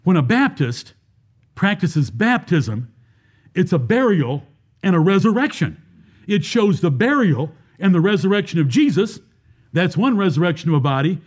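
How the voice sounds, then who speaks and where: Going through scripture one verse at a time, a high-voiced man delivers a Baptist sermon and keeps asking his congregation rhetorical questions.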